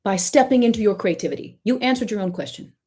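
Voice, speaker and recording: A woman's voice: mid-range voice, fast, breathy edge. A woman hosting a live-stream Q&A, coaching artists in an emphatic, direct and encouraging way. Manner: warmly encouraging to the questioner.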